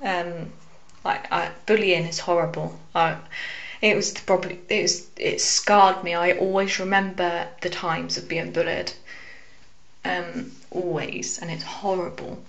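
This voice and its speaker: A young woman telling a personal story to camera, hesitant with frequent fillers and soft asides. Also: fairly low pitch, fairly even intonation, a little slow, muffled recording. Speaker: vlogger.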